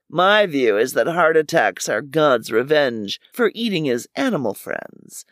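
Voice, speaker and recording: A man's voice: fairly high pitch, no room sound, clean studio sound. Wry man narrating crime story. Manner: wry, deadpan.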